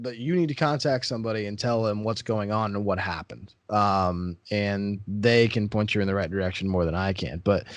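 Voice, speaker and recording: A man with a low, dry-sounding voice talks casually on a podcast, recounting a story about a caller. He gets animated and his pitch jumps up when he gets worked up. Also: dry recording. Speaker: podcast host, real estate broker.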